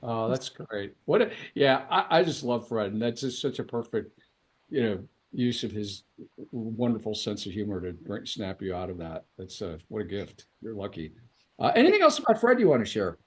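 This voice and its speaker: A man's voice: fairly low pitch, very animated, moderate pace. A man hosting an interview podcast, asking questions and encouraging the guest. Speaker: podcast host.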